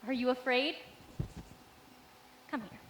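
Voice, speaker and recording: A teenage girl acting a gentle, caring young governess on a school stage, speaking softly and singing a bright yodeling song. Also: high-pitched, slow pace, a little hiss or hum. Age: teens. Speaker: student actor. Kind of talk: stage musical performance. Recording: echoey auditorium with live musical accompaniment.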